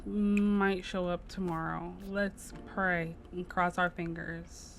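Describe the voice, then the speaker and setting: A woman's voice: on the low side, flat delivery, slow pace, creaky. A woman narrating her game playthrough in chatty, slangy commentary, talking straight to her viewers. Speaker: gameplay narrator. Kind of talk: let's play commentary. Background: game music.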